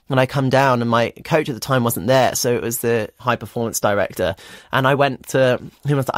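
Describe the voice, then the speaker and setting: A man's voice: mid-range voice, a little fast, dry recording. A young man in his twenties from England, a guest telling his story in a radio interview, candid and earnest with many fillers. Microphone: studio microphone. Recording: dry studio sound.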